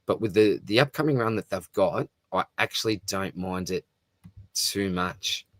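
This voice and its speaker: A man's voice: sits low, a little slow, no room sound, clean studio sound. A man hosting a live stream, chatting casually and answering viewer comments, calling everyone "mate". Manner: matey, chatty, often says "mate". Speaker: fantasy football live stream host.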